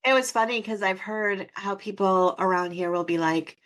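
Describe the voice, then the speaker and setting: A woman with a Minnesotan accent hosting a podcast interview, bubbly and quick to laugh in casual chat. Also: mid-range voice, fairly bright tone. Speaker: podcast host.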